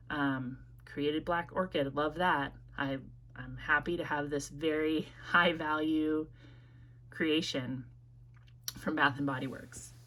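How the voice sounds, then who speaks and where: A Midwestern woman with a notably deep voice chats through a casual perfume review. She rambles freely and fills pauses with ums and likes. Her mid-sentence restarts keep it unscripted. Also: pushed and bright, a little hiss or hum. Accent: American Midwest. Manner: chatty, rambling with frequent fillers and self-corrections. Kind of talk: casual product review vlog.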